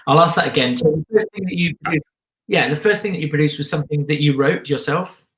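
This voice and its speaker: A man with a fairly high voice hosts a relaxed interview over a video call. He chimes in eagerly and agrees readily, and his voice rings in a noticeably echoey room. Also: quick pace. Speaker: host. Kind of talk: casual interview chat.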